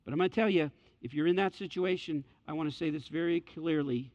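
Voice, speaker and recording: Middle-aged man preaching, storytelling with acted-out voices; high-pitched; muffled recording in a reverberant hall. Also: fairly quick, hardly any pauses, a little mellow. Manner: repeats key phrases for emphasis; acts out quoted voices in storytelling. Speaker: pastor. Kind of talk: sermon. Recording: dull lo-fi sound with hall reverb.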